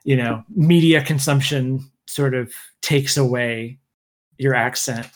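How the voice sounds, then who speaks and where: American man, no accent, halting and restarting, mid-pitched, casual podcast talk. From United States. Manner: hesitant, many fillers and restarts. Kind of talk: casual political chat.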